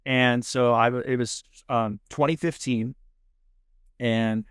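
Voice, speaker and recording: A man in his thirties with a Texan accent, a podcast guest telling his story in a casual, animated way and acting out the people he quotes. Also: mid-range voice, slow, clean tone. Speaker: podcast guest, food show host. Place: podcast studio.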